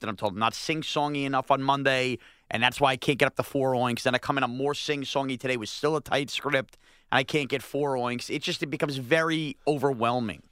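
A man's voice: medium pitch, sharp tone, no room sound, studio quality. A man co-hosting a sports radio show, complaining with indignant, rising outbursts. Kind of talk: animated sports radio banter.

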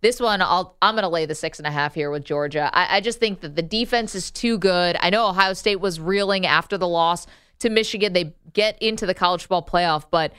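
A woman hosting a casual sports show in a studio, lively and often laughing. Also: lowish voice, a little fast, few pauses, clean tone, dry recording.

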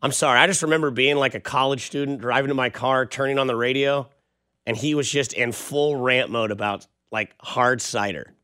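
A man's voice: mid-range voice, normal speed, sharp tone, clean tone, dry recording, studio quality. A young man hosting a sports radio show, chatting and telling rambling stories in a casual way. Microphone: studio microphone.

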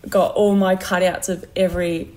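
A woman's voice: on the low side, level tone, normal speed, a little mellow. An Australian woman in her thirties, a guest in a casual chat who tells stories and laughs as she goes. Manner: chatty storyteller who laughs while telling stories.

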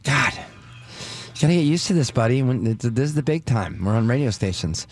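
There's background noise as a man with a lively, mid-range voice talks fairly quickly while guest-hosting a studio radio show. He chats in a rambling, jokey way, poking fun at himself into the studio mic.

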